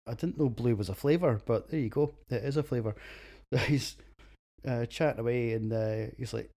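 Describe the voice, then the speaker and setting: A man's voice: medium pitch, normal speed, dark tone. A Scottish man hosting a beer podcast, reading a casual, crude, self-mocking script and laughing at his own jokes.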